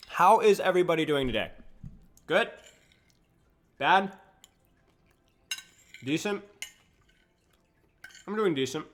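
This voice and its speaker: Young man, game coach, live-stream chat, slightly high voice, relaxed, talking while eating, dishes clattering. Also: slow pace, long pauses, slight background noise.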